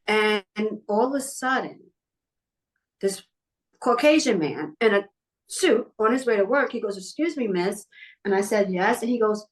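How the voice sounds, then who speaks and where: A woman's voice: mid-range voice, rough recording. A middle-aged woman from New York telling a personal story in a podcast interview, acting out what other people said. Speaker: guest.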